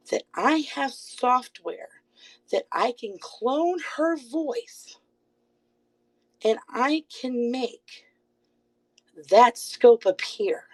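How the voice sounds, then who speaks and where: Woman streamer, a little high, on a phone mic; confrontational rant delivered in quick bursts, keeps saying she isn't angry. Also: vocal fry, low-quality recording. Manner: confrontational, repeated pointed rhetorical questions; rapid bursts, insists she is calm. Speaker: live streamer. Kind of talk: livestream call-out rant.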